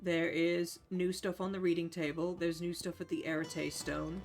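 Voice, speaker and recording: A casual streamer talking through a game session at a middle pitch, chatty and loose with swear words. Soft game music plays faintly behind the voice. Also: level tone, normal speed. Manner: chatty, sweary, reads game text aloud. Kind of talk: casual live gameplay chat.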